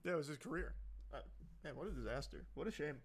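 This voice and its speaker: A man's voice: a little high, animated, fast talker, vocal fry, breathy edge. A man giving wry, sarcastic commentary on a video.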